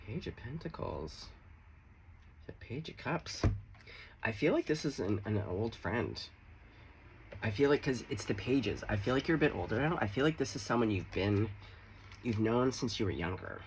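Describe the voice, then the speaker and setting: A man's voice: on the low side, lively intonation, moderate pace, long pauses, a little hiss or hum. A man giving a casual, chatty tarot reading to camera, swearing freely and making playful asides. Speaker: tarot reader.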